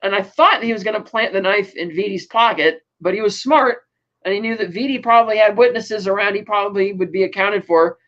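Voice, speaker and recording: A man's voice: sits high, brisk, fairly bright tone, dull audio. A man co-hosting a podcast, recapping a TV episode in a rambling way with many fillers. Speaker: podcast co-host.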